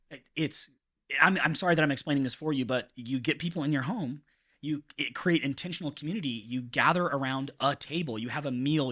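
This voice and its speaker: A man's voice: fairly high pitch, fairly bright tone. A man as a podcast guest, chatting casually with joking, teasing asides. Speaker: podcast guest, fellow worship leader.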